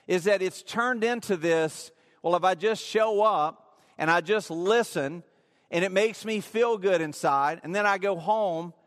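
A man's voice: sits high, a bit bright. A man preaching a sermon in a church, telling a personal story in a casual, rambling way with many fillers. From rural area. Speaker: pastor. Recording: long hall reverb.

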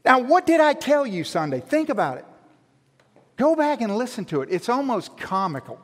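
A male pastor with a high voice for a man, preaching in a lively, self-mocking storytelling manner. His words carry a long reverb that fills the church sanctuary. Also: normal speed. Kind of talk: sermon.

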